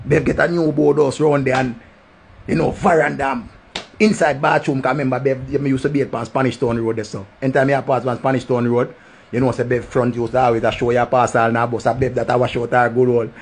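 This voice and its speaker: A man's voice: mid-range voice, little pitch movement, fairly quick, gravelly, a little hiss or hum. A man with a Jamaican accent telling a crude, rambling story in heavy patois, full of swearing. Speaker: vlogger.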